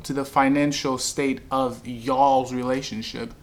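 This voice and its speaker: A man's voice: medium pitch, little pitch movement, measured pace. A man hosting a casual podcast, reacting to a clip and putting questions to his co-host.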